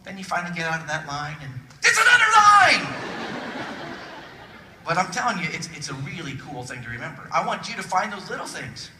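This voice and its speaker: A man giving a humorous motivational keynote to a conference audience, jokey and animated, acting out little voices. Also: fairly high pitch, fast, few pauses. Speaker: keynote speaker. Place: large conference hall with audience. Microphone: phone recording from the audience. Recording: distant phone recording in echoey hall. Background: audience laughter and crowd noise.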